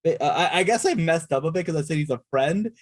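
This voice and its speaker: A man's voice: on the high side, expressive, quick pace, dry recording. A man playing a tabletop horror game, casually narrating his character's actions with lots of ums and restarts. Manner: rambling, full of ums and restarts.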